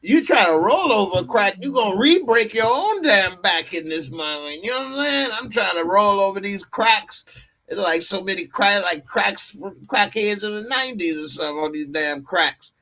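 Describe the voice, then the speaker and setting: A man's voice: high voice, animated, normal speed, bright, forceful tone. A man hosting a live call-in podcast, telling a comic story with frequent laughter and acted-out voices. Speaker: podcast host.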